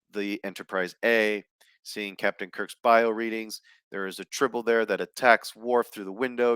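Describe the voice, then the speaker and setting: A man's voice: on the low side, fairly bright tone, clean tone, no echo. A man chatting loosely and enthusiastically on camera as a video reviewer, with plenty of fillers and restarts. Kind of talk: casual chat.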